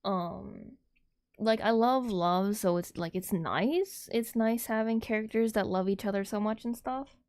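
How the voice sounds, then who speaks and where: A woman's voice: mid-range voice, unhurried, darkish tone. A woman livestreaming, chatting casually with her viewers in a rambling, giggly way, laughing often.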